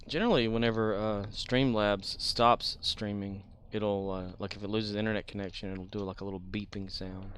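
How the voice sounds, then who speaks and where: A man's voice: on the low side, steady tone, normal speed, few pauses, fairly bright tone, clear, resonant tone. A man streaming a game, thinking aloud and muttering, with offhand swearing. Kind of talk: casual gameplay commentary.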